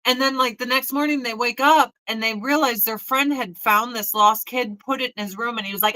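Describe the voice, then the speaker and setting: Profane, bright-voiced woman in her forties. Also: a little high, fairly even intonation, fairly quick, few pauses, poor audio. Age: 40s. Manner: blunt, profane, mocking mimicry. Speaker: host. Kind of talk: casual chat.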